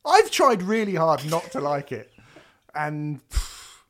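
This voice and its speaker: A man co-hosting a podcast in casual chat, animated and sweary, breaking into bits of song. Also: on the high side, slow pace, a little hiss or hum. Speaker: podcast co-host.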